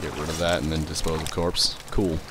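A young man casually commentating his own gameplay, rambling, swearing and reacting loudly to what happens in the game. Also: rumbling low, level tone, brisk, heavy background noise. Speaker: let's play host.

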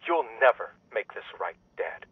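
An actor playing a resentful adult son who speaks in clipped, accusing lines over the phone. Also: male voice, on the low side, big pitch swings, moderate pace, husky, dry recording, exaggerated voice. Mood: bitter. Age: adult son with kids. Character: bitter grown son, cold and accusing. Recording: dry tinny phone line.

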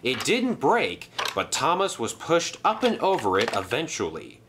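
A young man narrating a toy train story in a dramatic, animated way. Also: mid-range voice, measured pace, slight background noise.

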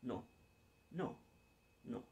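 A man's voice: extremely slow, darkish tone. A young man hosting a gaming playthrough, casually signing off and flubbing playful intro retakes. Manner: playful, laughs at his own flubbed intro takes. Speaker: gaming channel host. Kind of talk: casual let's-play outro and blooper takes.

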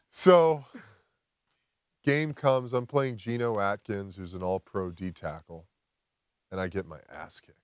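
A man, a podcast guest, telling a personal story outdoors in casual chat, animated and swearing freely. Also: on the low side, slow, pauses often, clear, resonant tone, no room sound. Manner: animated, swears a lot, acts out quotes. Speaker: podcast guest, former football player.

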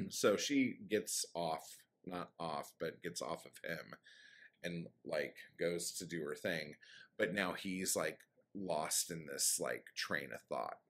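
Man, very low voice, slow, rambling, filler-heavy, swears casually. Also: expressive, a bit bright. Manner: loose and rambling, many "um" and "like" fillers, blunt swearing. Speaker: author summarizing his story. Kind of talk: casual spoken recap.

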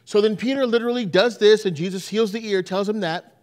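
A man's voice: high voice, a little fast. A male pastor preaching a sermon in a church, telling stories and acting out the quotes. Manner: animated storytelling with acted-out quotes.

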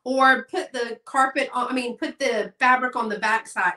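A woman's voice: sits high, normal speed, hardly any pauses, sharp tone, far from the mic. A middle-aged woman, hosting a live sale in a chatty style and addressing viewers by name. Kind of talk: live-stream sales chat. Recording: echoey room, voice off-mic.

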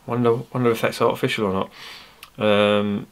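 A man's voice: on the low side, level tone, moderate pace. A man reviewing a beer in a casual, rambling way, swearing freely and poking fun at himself. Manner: blunt, swears freely, chatty and self-mocking. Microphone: his original microphone, not a clip-on.

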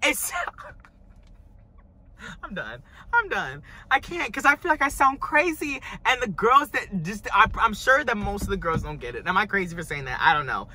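A hoarse man in an over-the-top reaction vlog, his voice pitched high and swinging wildly up and down. The tone is piercingly bright and edgy, and he gushes dramatically from one line to the next. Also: very animated, moderate pace. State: hoarse from screaming. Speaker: music reviewer.

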